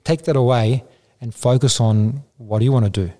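Mellow-voiced Italian-accented man. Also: mid-range voice. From Italy. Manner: hesitant, halting, plain-spoken. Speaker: martial arts guest. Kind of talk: casual podcast interview.

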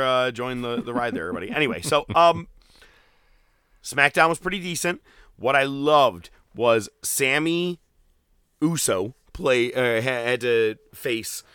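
A man tells stories with animated energy, slipping into quoted voices and swearing freely. His voice is bright and forward. The recording is dry and close, with no room sound. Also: mid-range voice, clear, resonant tone, no room sound. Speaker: podcast co-host. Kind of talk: casual wrestling recap chat.

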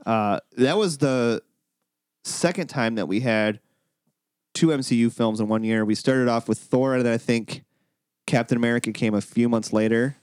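A man's voice: mid-range voice, normal speed, darkish tone, no room sound, clean studio sound. Laughing, rambling man on a podcast. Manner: rambling, laughs often, acts out quotes. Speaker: podcast co-host. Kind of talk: casual chat.

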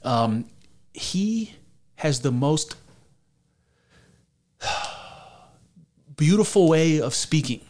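A man's voice: a little high, lively intonation, extremely slow, long pauses, darkish tone. A man co-hosting a podcast, chatting casually and enthusiastically, rambling with restarts and the odd swear word. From United States. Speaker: podcast co-host. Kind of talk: casual chat.

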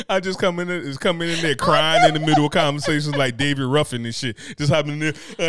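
A man co-hosting a podcast in casual comedic chat, animated and laughing often. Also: on the high side, fairly quick, hardly any pauses, noisy background. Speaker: podcast co-host.

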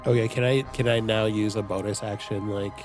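A man's voice: on the low side, steady tone, brisk, music in the background. A man playing a tabletop role-playing game, reacting eagerly and a little nervously to his dice rolls. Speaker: player.

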